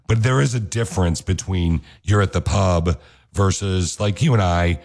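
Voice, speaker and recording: A man's voice: sits low, moderate pace, darkish tone. A man hosting a radio show in a studio, bantering casually and teasing his co-host. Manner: teasing, joking.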